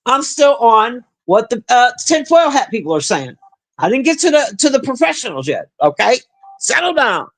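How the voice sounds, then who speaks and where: A man's voice: extremely high pitch, very animated, moderate pace. A man livestreaming, chatting casually and crudely with his viewers in a rambling way. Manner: profane, chatty, talks to the chat. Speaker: livestream host.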